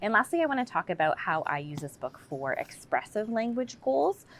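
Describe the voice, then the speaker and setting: A woman's voice: medium pitch, very animated, normal speed, fairly bright tone, slight background noise. A woman speech and language assistant, explaining practice tips in a conversational way. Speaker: communicative disorders assistant.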